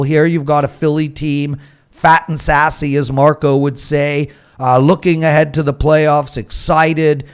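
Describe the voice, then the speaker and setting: A man hosting a sports betting panel, ranting and pitching picks with big swings in loudness. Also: clean tone. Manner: animated ranting, swings loud and quiet. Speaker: show host.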